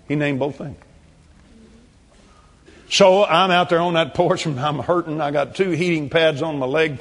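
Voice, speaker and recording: An older man preaches a sermon in a high, bright voice with a husky edge. He quotes scripture and tells his story, at times breaking into loud shouted praise. A long hall reverb trails behind him.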